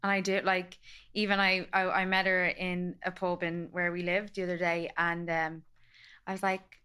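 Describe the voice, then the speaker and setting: A woman hosts a casual podcast chat. Her voice is bright and sharp, and she talks chattily with plenty of fillers and agreeing yeahs. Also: on the low side, flat delivery, normal speed, clear, resonant tone. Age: 30s. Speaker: podcast host.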